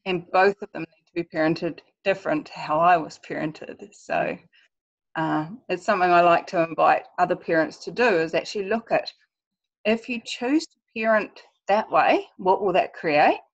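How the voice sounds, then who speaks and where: A woman with a slightly low voice talks over a video call. She is reflective and keeps posing questions to her listeners. The call audio is dull and lo-fi. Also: moderate pace. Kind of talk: conversational video-call chat.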